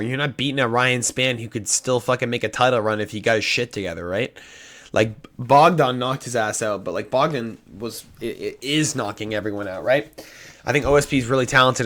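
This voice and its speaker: A young man casually talking through fight predictions, cursing often and changing his mind out loud. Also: mid-range voice. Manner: indecisive, swears often, flips picks. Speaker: MMA prediction YouTuber. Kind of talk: casual solo prediction talk.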